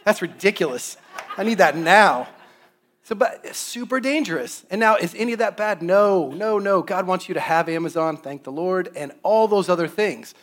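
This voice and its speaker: A man in his thirties giving a sermon on money, with animated storytelling and playful asides. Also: on the high side. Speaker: guest preacher on finances.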